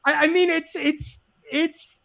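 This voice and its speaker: High-voiced emphatic man. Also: takes it slowly, gravelly. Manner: animated, emphatic, repeats words while thinking. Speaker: guest, libertarian messaging expert. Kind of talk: casual podcast conversation. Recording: dull lo-fi sound.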